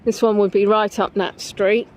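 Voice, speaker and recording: A woman's voice: mid-range voice, flat delivery, moderate pace, darkish tone. A woman with an English accent chatting casually on a live stream, rambling with many "um"s as she answers viewers. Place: outdoors on a riverside walk.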